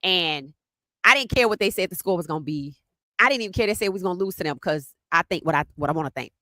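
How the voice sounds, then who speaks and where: A woman hosting a casual live sports podcast, talking in an animated, teasing way and greeting chat viewers by name. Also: on the low side, quick pace, no echo.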